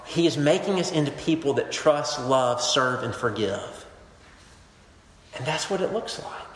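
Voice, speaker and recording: A male pastor preaching a sermon, telling stories with animated swings between emphatic and hushed delivery. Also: medium pitch, measured pace. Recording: echoey hall with long reverb.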